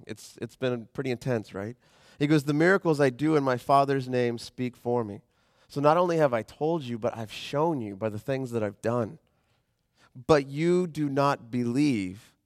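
A man preaching a sermon as pastor in a conversational, animated way, slowing down when he reads scripture. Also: mid-range voice, no room sound, clean studio sound.

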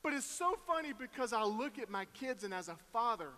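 Man in his 30s, very high bright voice, folksy storytelling sermon. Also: big pitch swings, brisk. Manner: folksy, self-deprecating storyteller with fillers and voiced quotes. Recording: echoey hall.

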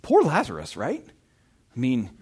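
A man's voice: medium pitch, huge pitch swings, slow pace, a little mellow, husky. A young man giving a casual, conversational sermon, reading scripture and often checking in with "right?". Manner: chatty, self-interrupting, often asks "right?". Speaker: pastor.

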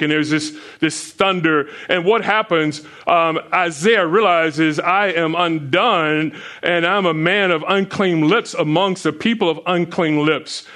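Man preaching with rising questions. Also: a bit bright. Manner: asks the listeners questions, rises in pitch when stressing points; chuckles between points. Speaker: pastor. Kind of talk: sermon.

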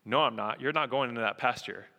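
A pastor voicing a stubborn, laconic old male rancher who speaks in slow, curt refusals, in a reverberant hall. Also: mid-range voice, creaky, sharp tone, voice pushed down.

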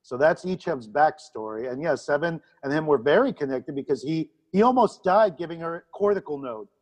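Man, co-host, casual chat, rambling, swears, higher voice. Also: expressive, moderate pace. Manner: rambling, chatty, profane. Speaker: podcast co-host.

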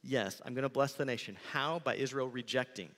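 Animated preacher in a reverberant hall. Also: male voice, mid-range voice, a little fast. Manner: animated, conversational preaching with acted-out asides. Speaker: pastor. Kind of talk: sermon.

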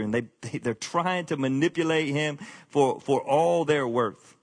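A man's voice: fairly high pitch, a little slow. A man preaching a sermon. He talks plainly and folksy, pushing his voice up for emphasis and easing back down for asides to the congregation. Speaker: pastor.

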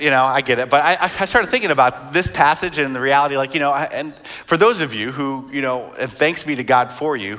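A man's voice: mid-range voice, bright, forceful tone. A man in his thirties, a pastor, preaching a sermon in a conversational way, with fillers and restarts as he reads and explains scripture.

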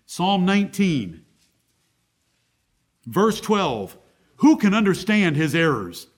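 A male pastor preaching a sermon in church, reading scripture aloud slowly and with emphasis. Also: sits high.

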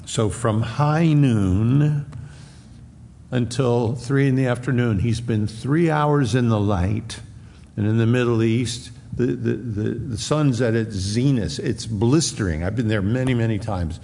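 A man preaching a sermon, earnest and measured, slowing down to read scripture aloud. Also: medium pitch, gravelly, warm tone. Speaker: pastor. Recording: echoey hall, faint ambience.

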